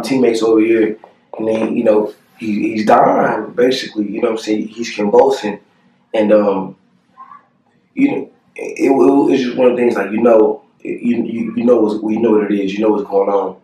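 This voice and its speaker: A young man telling a painful personal story to the camera, earnest and halting, with many fillers and pauses. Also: fairly low pitch, a little mellow, far from the mic. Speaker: family vlogger. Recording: echoey room, voice a bit off-mic.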